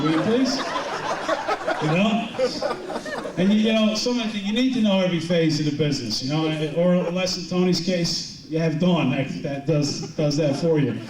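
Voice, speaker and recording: A middle-aged man tells rambling, joking stories from a stage, stumbling over restarts as he goes. His voice sits fairly high for a man and comes through a distant mic in a roomy hall. A large audience laughs along behind him. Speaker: motivational speaker. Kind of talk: live stage talk to a business audience.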